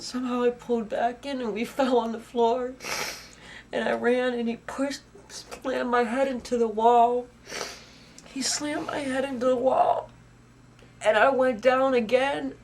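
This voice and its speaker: Woman interviewee, raw first-person testimony, halting repeats, swings loud to whispered. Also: fairly high pitch, steady tone, slight background noise. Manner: halting, repeats phrases, grows intense and loud, drops to whispers.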